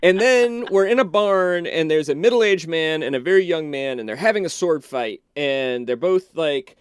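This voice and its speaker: Male podcast guest, smooth clear voice, dry close sound, chatty animated retelling. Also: fairly high pitch, normal speed, no room sound. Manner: animated, loose, full of "like" and restarts. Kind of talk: casual storytelling, retelling a film.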